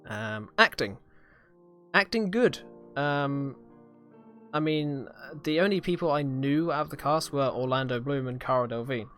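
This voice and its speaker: A man's voice: mid-range voice, animated, unhurried, fairly bright tone, faint music behind. A young British man hosting a live-streamed podcast, chatting casually and rambling through a review with lots of fillers and hesitations. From Britain. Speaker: podcast host reviewing a series.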